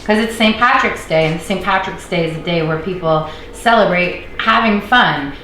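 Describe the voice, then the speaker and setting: A chatty Canadian woman in her thirties rambles with self-deprecating humor while cooking at home. Her voice sits a little low and carries the echo of a hard-walled kitchen. A faint hiss stays in the background. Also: normal speed, fairly bright tone. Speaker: cooking vlogger. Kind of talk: casual cooking vlog chat.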